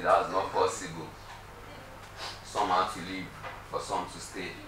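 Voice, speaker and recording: A man speaking in a measured, reflective way to fellow housemates. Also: low voice. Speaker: reality show contestant. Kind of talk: reflective video message. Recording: very echoey, distant mic, noisy.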